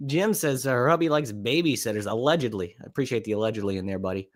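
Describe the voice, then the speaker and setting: A man's voice: medium pitch, quick pace. A man hosting a live podcast stream, chatting in a laid-back, rambling way as he reacts to clips. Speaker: livestream podcast host. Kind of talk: casual live-stream commentary.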